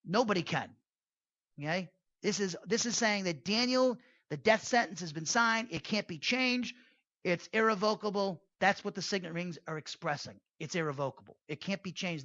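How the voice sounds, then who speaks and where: A man's voice: sits high, a bit bright, no echo. Guy teaching bible class, rambly and chatty, dry dull sound. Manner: chatty and digressive, with restarts and asides. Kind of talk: casual Bible study lecture.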